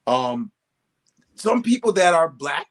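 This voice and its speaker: A male comedian telling stories as a guest in a casual interview, animated and profane, acting out quoted voices. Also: fairly high pitch, slow pace.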